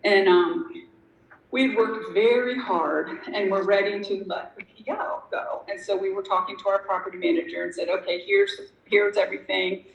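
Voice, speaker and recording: A woman's voice: mid-range voice, fairly even intonation, normal speed, vocal fry. Candid rambling woman sharing her story. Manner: candid, rambling, self-deprecating with many fillers. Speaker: recovery meeting speaker. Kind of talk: personal sharing at a recovery meeting. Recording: echoey room with faint noise.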